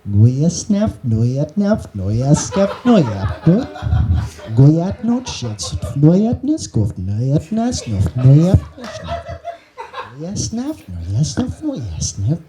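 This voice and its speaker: A man's voice: fairly high pitch, huge pitch swings, very slow, noisy background, voice pushed down, exaggerated voice. A male comedian doing a mock impression of an older male politician, repeating garbled nonsense syllables. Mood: mumbling.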